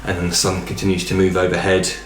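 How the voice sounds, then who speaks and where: A man narrating a tabletop game as dungeon master, in a relaxed, rambling way with fillers. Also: deep voice, fast talker, roomy sound, soft background music.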